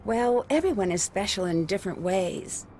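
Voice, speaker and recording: A woman's voice: mid-range voice, lively intonation, normal speed, warm tone, slight background noise, close to an everyday voice. An actress voicing an earnest young female amateur detective in a mystery video game, asking questions in a curious, direct way.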